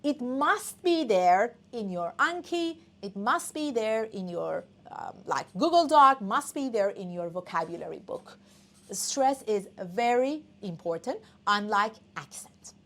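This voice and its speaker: A woman's voice: on the high side, lively intonation, a little slow, fairly bright tone. A woman whose first language is Persian, teaching an online English test class, coaxing students and often checking in with "okay?".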